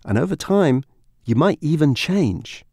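A man's voice: a little high, lively intonation, unhurried, darkish tone, breathy edge, no echo, clean studio sound. An American man presenting a radio feature, speaking in a wry, conversational way. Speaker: radio host and reporter.

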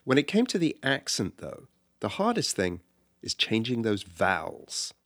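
Low-voiced British male narrator, dry sound. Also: huge pitch swings, a little slow, fairly bright tone, no echo. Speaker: podcast narrator. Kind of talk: scripted narration.

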